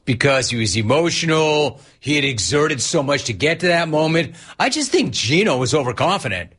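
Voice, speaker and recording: A male sports talk radio host with a fairly high-pitched voice. He talks in a sarcastic, animated way, jumping between reading messages and riffing on them. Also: normal speed, slightly rough.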